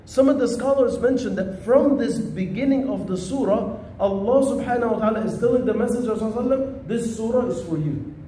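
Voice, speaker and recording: A man's voice: very high voice, fast talker, hardly any pauses, dark tone, roomy sound, a little hiss or hum. A man teaching a religious lesson in a conversational, storytelling manner. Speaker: Islamic teacher.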